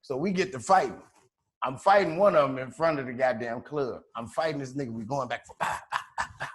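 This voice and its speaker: A man's voice: medium pitch, fairly quick. A man from Chicago telling a wild story on a podcast in a loose, profane, slangy way, laughing as he goes. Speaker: podcast co-host. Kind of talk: casual storytelling.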